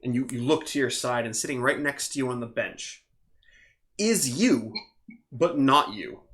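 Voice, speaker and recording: A man running a tabletop game as game master, describing scenes in a relaxed way with fillers. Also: medium pitch, a little slow.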